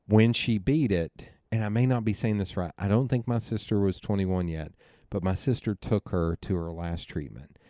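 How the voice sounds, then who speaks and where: A man's voice: on the low side, normal speed, few pauses, no room sound, clean studio sound. A young man hosting a podcast, telling family stories in casual chat and acting out the voices of his relatives with laughs along the way. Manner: animated storyteller, quoting family with laughs. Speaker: podcast host.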